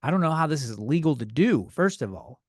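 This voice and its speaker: Man, podcast host, comedic rant, tipsy, high voice, repeats himself, loud outbursts. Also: animated, brisk, no echo, clean studio sound. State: tipsy from beer.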